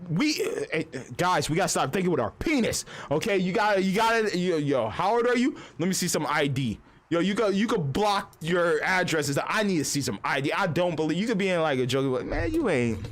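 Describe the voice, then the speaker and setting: A young man streaming live, talking in a loose, profanity-laced rant that wanders from point to point. His voice sits high for a man and swings widely up and down as he acts out what other people say.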